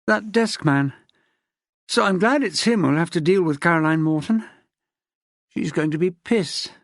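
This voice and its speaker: A woman's voice: fairly low pitch, a little slow, no room sound, studio quality. A woman voicing a wry, tired woman detective inspector talking with her husband and son.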